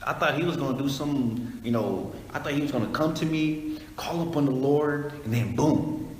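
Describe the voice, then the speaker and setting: A man casually teaching a Bible study, explaining scripture in a conversational, animated way. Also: medium pitch, moderate pace. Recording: echoey hall, faint noise.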